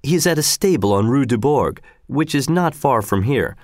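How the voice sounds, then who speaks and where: A man voicing a shrewd, calm male detective who speaks in a measured, cheerfully persuasive way. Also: mid-range voice, no room sound, studio quality, natural voice.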